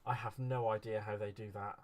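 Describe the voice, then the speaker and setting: A man's voice: lowish voice, level tone, brisk. A man chatting casually as a craft vlogger, gushing over card-making supplies. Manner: gushing, effusive. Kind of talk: casual craft unboxing chat.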